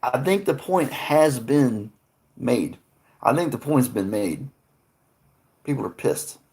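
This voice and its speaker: A man's voice: medium pitch, very animated, a little mellow. A man hosting a live stream, rambling earnestly to his chat with frequent restarts. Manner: rambling, halting, many restarts; earnest, talks to chat viewers by name.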